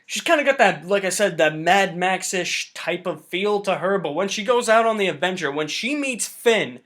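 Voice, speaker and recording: A young man giving a casual, excited film review, chatty and swearing loosely. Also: high voice, moderate pace. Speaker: movie reviewer.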